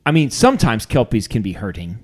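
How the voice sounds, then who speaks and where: Rambling deadpan podcast co-host man. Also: mid-range voice, a little fast. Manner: rambling, deadpan self-mocking jokes. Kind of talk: casual comedic chat.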